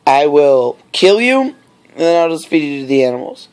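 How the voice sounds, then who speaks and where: A man's voice: fairly high pitch, very animated, normal speed, clear, resonant tone. A man voicing a huge, boastful giant warrior who taunts in casual modern wording, during a homemade story retelling. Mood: threatening.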